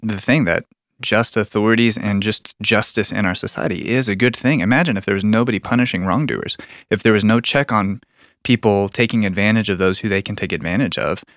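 Earnest explaining man, low dry voice. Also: a little fast, a bit bright, dry recording. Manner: earnest, explanatory, restarts often. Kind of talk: conversational theology discussion.

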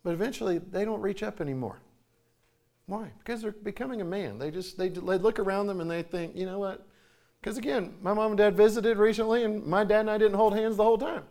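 An American man in his forties tells parenting stories in a casual, unscripted way. His voice sits a bit high for a man, and he often stops to clear his throat or restart a sentence. He jumps sharply in pitch when he quotes other people. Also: brisk, a little mellow. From United States. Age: 40s.

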